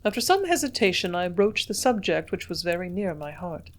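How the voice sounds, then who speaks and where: A woman reading a classic novel aloud as an audiobook narrator, with a measured, steady storytelling delivery. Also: fairly low pitch. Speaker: audiobook reader.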